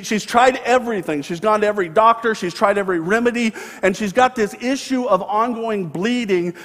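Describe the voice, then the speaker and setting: A man's voice: high voice, a bit bright, big-room sound. A man preaching a sermon as pastor, retelling a story earnestly and acting out the quoted voices. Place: church sanctuary.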